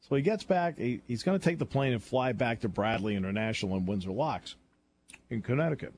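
A male talk radio host with a husky edge to his voice, speaking into a studio mic. His pitch swings widely as he tells a story, casual and animated, sometimes laughing at his own tale. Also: brisk. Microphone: studio microphone.

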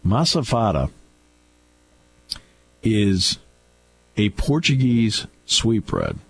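A man's voice: fairly low pitch, big pitch swings, drawn-out words, gravelly, husky. A middle-aged man hosting a radio talk show, telling stories in a chatty way with restarts. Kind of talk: casual radio chat. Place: radio studio.

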